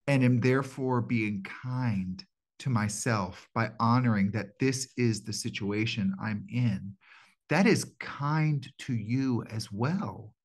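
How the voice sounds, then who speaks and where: Man, podcast host, mid pitch, slow pace, casual affirming talk. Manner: slow and affirming, with brief agreements. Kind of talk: casual conversational interview.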